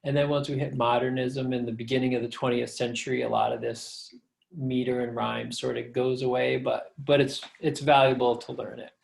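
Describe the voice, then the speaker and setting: A middle-aged man lecturing as a professor over a slideshow, relaxed and conversational, with fillers, reading verse slowly to show its rhythm. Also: medium pitch, vocal fry. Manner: reads verse lines slowly to show the meter.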